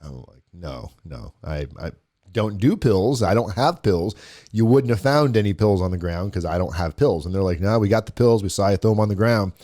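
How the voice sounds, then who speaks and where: This show guest talks fairly fast in a low-leaning, dark voice. Conversational in manner, he recounts something that happened to him, repeating others' words as he goes and frequently starting over mid-thought.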